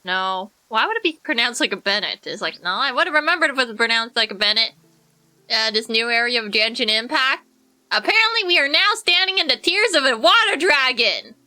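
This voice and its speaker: A woman's voice: a little high, animated, brisk, pushed and bright. A young woman streaming a game, chatting in a rambling, jokey way and answering her chat. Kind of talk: casual gameplay commentary.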